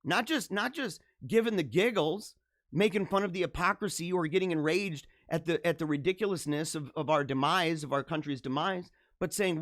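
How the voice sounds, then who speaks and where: A man hosting a casual live stream, reading viewer comments, animated and jokey, laughing often. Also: on the high side, moderate pace, no room sound, studio quality.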